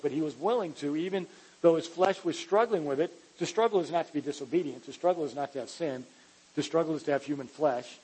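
A man's voice: a little high, brisk, darkish tone, breathy edge, poor audio. A man preaching a sermon, earnest and emphatic, often restarting his phrases as he explains a scripture passage. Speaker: pastor.

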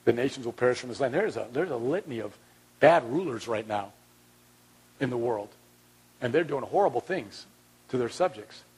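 A man preaching with a husky, slightly breathy voice. He is earnest and moves between loud stretches and hushed ones, often repeating a word as he restarts a thought. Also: mid-range voice, animated, normal speed, pauses often, poor audio. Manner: repeats words when restarting. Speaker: pastor. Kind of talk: sermon.

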